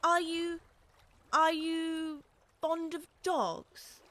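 A woman's voice: very high-pitched, flat delivery, very slow, fairly bright tone, heavily acted, poor audio. A woman playing Alice, an eager young girl who chatters on and keeps apologizing.

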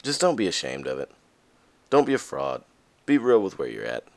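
A man hosting a podcast, talking candidly and casually to listeners, with frequent fillers and restarts, and his voice jumps up high when he stresses a point. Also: normal speed, creaky. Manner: lively, pitch jumps high for emphasis. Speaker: podcast host. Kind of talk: casual motivational monologue.

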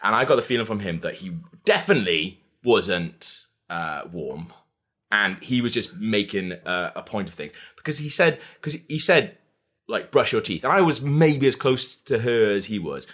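A man's voice: lowish voice, very animated, normal speed, a bit bright. A man telling a story in casual podcast chat, laughing often and swearing freely. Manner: laughing, swearing anecdote-teller. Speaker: podcast co-host.

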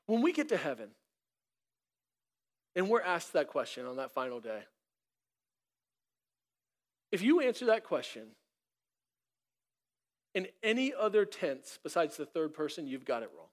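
A high-voiced male pastor delivers a sermon. He preaches in an animated way, often restarting a phrase and acting out short bits of dialogue. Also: a little slow, pauses often.

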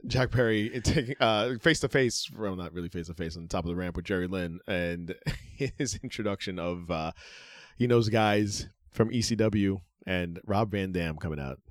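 A low-pitched man talking loosely on a podcast. He rambles and stalls on "uh" between thoughts and swears casually. The sound is close and dry. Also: moderate pace, no echo. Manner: rambling, full of "uh" fillers, profane. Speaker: podcast co-host. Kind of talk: casual chat.

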